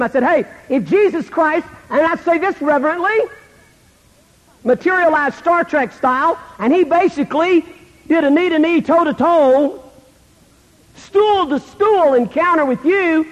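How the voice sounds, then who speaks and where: A man preaching a sermon, with dramatic shifts that drop almost to a whisper when acting out the people he quotes. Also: very high-pitched. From American South. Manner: dramatic, acts out quoted voices, drops to near-whisper. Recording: long reverb of a hall.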